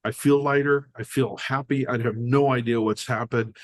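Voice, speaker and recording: Older american guy telling stories on a podcast, acts out all the voices, middle pitch. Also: moderate pace. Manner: animated storyteller acting out dialogue. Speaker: podcast guest. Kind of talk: storytelling in casual conversation.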